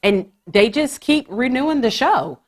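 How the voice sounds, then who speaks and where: This podcast host has a high, expressive voice and a measured pace. Her casual chat is peppered with swearing and gossipy humor.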